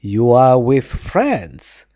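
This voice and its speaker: A woman voicing a cheerful, resourceful old grandfather in a storybook, brisk and encouraging. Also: extremely low pitch, huge pitch swings, dry recording, dull audio, heavily acted.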